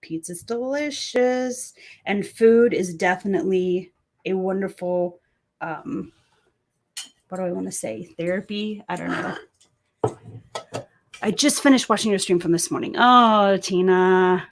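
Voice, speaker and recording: A woman's voice: medium pitch, unhurried, pauses often, a little hiss or hum. A woman with a sore throat hosting a casual live stream, chatting and greeting viewers by reading their comments aloud. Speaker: livestream host. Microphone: desk microphone.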